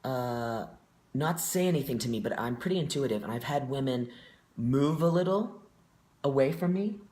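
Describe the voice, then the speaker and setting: A man of middle pitch talks as an interview guest, earnest and reflective. He thinks aloud and leans on fillers. His voice rings in a noticeably echoey room. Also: lively intonation, normal speed, warm tone. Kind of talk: casual conversation.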